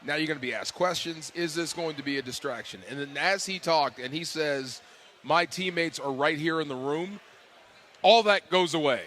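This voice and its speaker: Sports radio dude, kinda high bright voice, hyped and slangy, faint hiss. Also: male voice, moderate pace. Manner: animated, slangy, emphatic. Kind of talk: casual sports talk.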